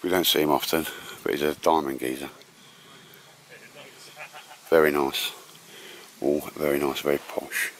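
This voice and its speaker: A man's voice: very deep voice, level tone, unhurried, pauses often, a bit bright, a little hiss or hum. A man giving a chatty, slangy camping vlog walkthrough at a campsite, often addressing the viewers as ladies and gents. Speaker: vlogger. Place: outdoors at a campsite.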